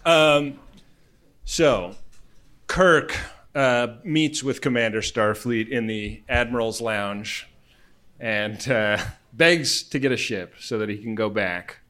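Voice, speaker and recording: A man's voice: mid-range voice, slow pace, pushed and bright. A man co-hosting a casual, comedic podcast, talking loosely and laughing often between jokes. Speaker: podcast co-host.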